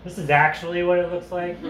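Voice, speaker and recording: A man teaching a parent study group in a casual, joking way, reading passages aloud and commenting on them. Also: on the high side. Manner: conversational, joking asides, reads aloud and comments. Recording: echoey room with faint noise.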